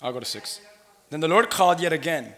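Animated male preacher in a reverberant church. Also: on the high side, fast. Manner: animated call-and-response preaching, swings from shouts to hushed asides. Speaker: pastor. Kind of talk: sermon. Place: church sanctuary. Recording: long hall reverb.

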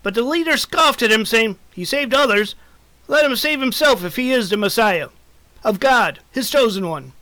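A man reading scripture as a mock news report, with a steady, announcer-like delivery. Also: extremely high pitch, normal speed, no echo. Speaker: mock newscaster and scripture reader.

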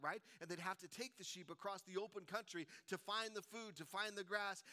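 A middle-aged male preacher with a high, bright and ringing voice. He delivers a sermon in a storytelling way, often checking in with the congregation with quick rhetorical asides. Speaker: pastor.

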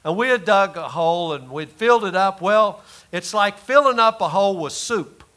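A man preaching a sermon, telling folksy stories and rising to loud emphasis. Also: sits high, lively intonation, moderate pace. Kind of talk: sermon with personal story.

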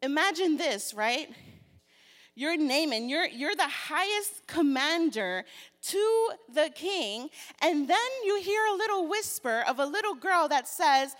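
A woman preacher giving a sermon and reading scripture aloud, slow and deliberate, turning animated as she retells the story. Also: high voice. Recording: long reverb of a large hall.

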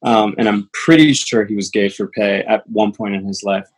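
A man's voice: fairly low pitch, moderate pace, a little hiss or hum, poor audio. A man in a casual chat who laughs often.

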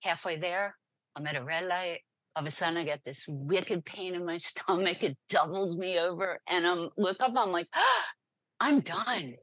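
A middle-aged woman with a low, husky voice tells her story with animation, laughing often and acting out the voices around her. The sound is dry and close. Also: fairly even intonation, moderate pace, dry recording. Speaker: podcast guest. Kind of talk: storytelling in an interview.

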